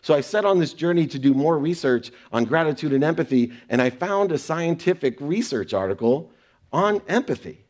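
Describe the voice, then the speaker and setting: A man's voice: a little high, expressive, normal speed, a little mellow. A middle-aged man giving an earnest motivational talk, telling a personal story and acting out the exchanges in it. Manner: earnest, acts out quoted exchanges. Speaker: speaker sharing personal lessons.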